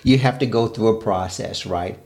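A man's voice: lowish voice, moderate pace, darkish tone, breathy edge. A man who co-hosts a podcast as a relationship coach, speaking emphatically and preaching in lists of examples. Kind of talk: casual podcast conversation.

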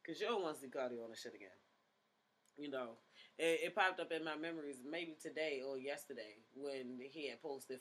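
A man's voice: mid-range voice, normal speed, fairly bright tone. A man hosting a podcast in casual chat, laid-back, rambling and profane. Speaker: podcast host.

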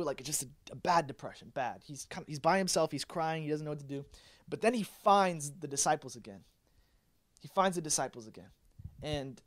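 A young man preaching a youth sermon in a casual, animated way, full of fillers and acted-out quotes. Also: on the high side. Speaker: youth pastor.

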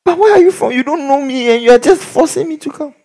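Man putting on a squeaky, protesting young guy dodging church, voice leaps around. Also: animated, fast, a little mellow. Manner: protesting, high-pitched and whiny.

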